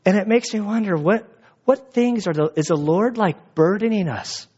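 A man's voice: sits high, normal speed, darkish tone, slightly rough. A man preaches a sermon with a slightly raised voice. He talks like he is telling a story to friends, with loose fillers and restarts. The recording sounds dull and lo-fi. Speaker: pastor.

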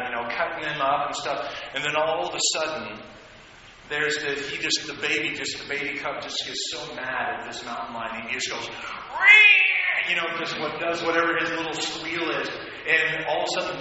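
Pastor preaching in a big echoey hall. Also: male voice, fairly high pitch, bright, forceful tone. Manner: conversational preaching, rising into fervent prayer. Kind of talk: sermon. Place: church hall. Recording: echoey hall, dull sound, faint noise.

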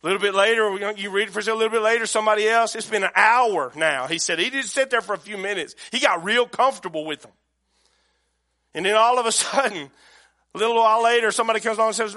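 A man's voice: high voice, fairly quick, pushed and bright. A middle-aged man preaching a sermon in a folksy, conversational way. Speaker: pastor.

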